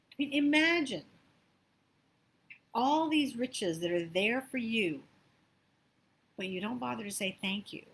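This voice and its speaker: A woman abundance coach giving a motivational spiritual talk, chatty and animated, telling stories with asides. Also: high-pitched, a little slow, pauses often.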